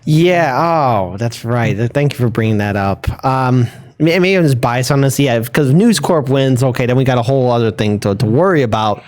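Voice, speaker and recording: Man, online news co-host, casual chat, stammering, reactive, quick agreeing backchannels. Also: mid-range voice, a little mellow. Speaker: co-host of a news commentary show.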